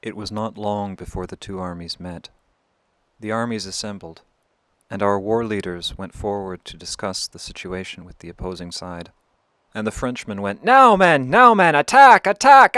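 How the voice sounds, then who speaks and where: Wry male storyteller, lowish voice, dry close sound. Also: no room sound. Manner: wry, conversational. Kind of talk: oral storytelling.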